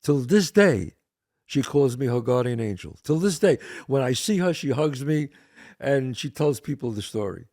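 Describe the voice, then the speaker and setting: Older man, gravelly voice, lively pitch, storytelling, acts out quotes, casual talk show co-host. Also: moderate pace.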